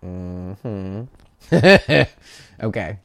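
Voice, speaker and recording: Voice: low-pitched, animated, drawn-out words, dry recording. Chatty tarot reader talking straight to viewers, stumbling and repeating words, in a dry, close sound. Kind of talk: casual monthly tarot reading to camera.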